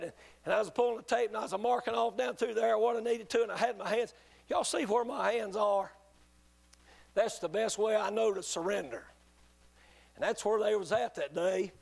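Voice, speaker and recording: High gravelly preacher man. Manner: earnest, halting testimony with many restarts. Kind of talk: sermon storytelling.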